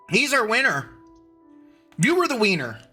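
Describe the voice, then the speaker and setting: A man's voice: extremely high pitch, wildly swooping pitch, slow, sharp tone, faint music behind. A man hosting a casual live stream, rambling and restarting his sentences as he greets viewers by name. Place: at home computer.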